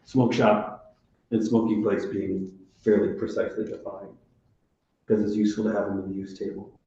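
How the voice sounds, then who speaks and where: A man speaking as a city alder at a committee meeting, talking in a deliberate, measured way with some restarts. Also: on the low side, little pitch movement, dark tone. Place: council chamber. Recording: echoey council chamber, dull sound.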